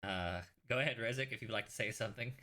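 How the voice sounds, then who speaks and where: A man's voice: on the low side, quick pace, pushed and bright. A man running a tabletop game as game master, narrating casually with fillers and restarts.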